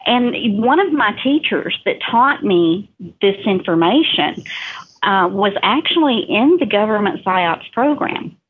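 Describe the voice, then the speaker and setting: A woman's voice: mid-range voice, animated, a little slow, breathy edge. A woman with an Alabama accent, a guest chatting in a friendly, talkative way and laughing easily. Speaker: show guest. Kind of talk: casual interview chat. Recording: tinny phone-like line.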